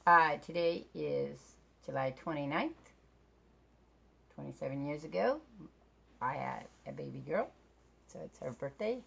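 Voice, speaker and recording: A woman's voice: deep voice, animated, a little slow, vocal fry, long pauses, a bit bright, husky. A middle-aged woman chatting to camera in her own vlog, rambling and self-deprecating, laughing often as she talks. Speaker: vlogger. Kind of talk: casual chat to camera.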